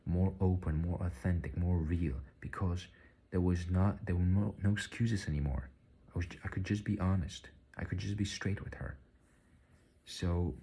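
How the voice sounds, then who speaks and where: Low, mellow man, husky; halting, earnest confessional tone with soft near-whispered moments. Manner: halting, repeats words, earnest; drops at times to a breathy near-whisper. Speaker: spiritual vlogger. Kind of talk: confessional personal story.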